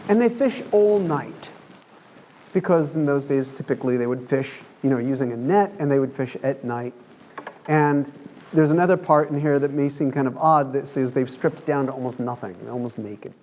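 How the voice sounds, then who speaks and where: A man's voice: medium pitch, normal speed, darkish tone, slight background noise. A man preaching a conversational sermon in a church, telling the story in a chatty way and acting out the quoted lines.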